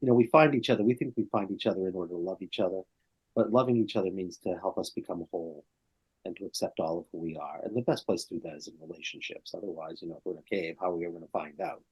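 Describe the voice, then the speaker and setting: A man's voice: low voice, very fast, darkish tone, husky. An older male therapist telling a client story in conversation, often checking in with "right?" and "okay?".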